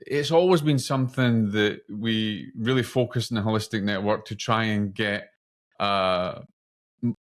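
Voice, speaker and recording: A man with a Scottish accent hosts an interview podcast in a fairly low voice. He talks casually but leans into dramatic, rhetorical build-ups. He stumbles now and then on fillers and restarts. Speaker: podcast host.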